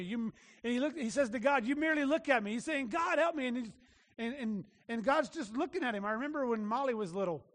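High-voiced pastor preaching in a reverberant hall. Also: male voice. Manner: earnest and emphatic, with frequent restarts. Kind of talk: sermon. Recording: long reverb of a large hall.

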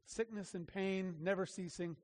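Man, pastor, sermon, high voice, earnest, emphatic, restarts, long hall reverb. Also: steady tone, normal speed.

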